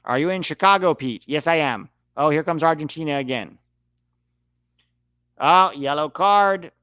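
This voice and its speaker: A man hosts a live match watch-along, running through the play and breaking into excited outbursts. His voice is smooth and clear, pitched a little high. The recording is dry and close-miked. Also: fairly quick, dry recording. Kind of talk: live match reaction commentary.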